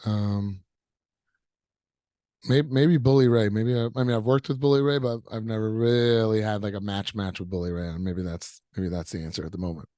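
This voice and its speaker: A man's voice: lowish voice, steady tone, normal speed, dark tone, dry recording. Easygoing upbeat man, dry close sound. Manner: upbeat and easygoing, rambling with fillers. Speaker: professional wrestler guest. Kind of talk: casual interview answers.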